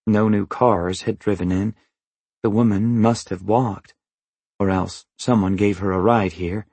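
A man narrating a first-person novel in an even, understated, matter-of-fact way. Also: on the low side, measured pace, slightly rough, dry recording. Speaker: audiobook narrator.

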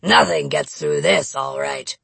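A proud, rough ronin swordsman brags about his hard head in a deep, gravelly growl, as a woman puts him on. His slow voice has a bright edge and a husky rasp, recorded dry and close. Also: no echo, heavily acted. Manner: proud, bragging. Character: boastful hardheaded male ronin, rough and cheerful.

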